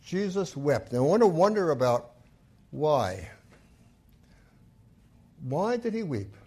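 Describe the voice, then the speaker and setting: A man delivering a sermon, his pitch rising and falling freely as he retells a scripture story. His voice sits slightly high for a man, and he throws himself into the quoted lines of the story. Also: slow, slightly rough. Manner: retells scripture with acted quotes, lively and emphatic. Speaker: pastor.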